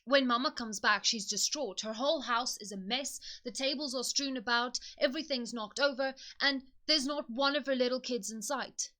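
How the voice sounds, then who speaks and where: A woman's voice: on the high side, normal speed, few pauses, bright, forceful tone. A woman hosting a book video, retelling a fairy tale in a chatty, conversational way. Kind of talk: casual storytelling retelling.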